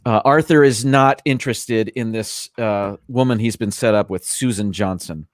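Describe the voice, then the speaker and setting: A man's voice: lowish voice, moderate pace, no echo, studio quality. Man retelling a film scene, hesitant. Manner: hesitant storytelling with many fillers. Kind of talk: casual live-stream chat.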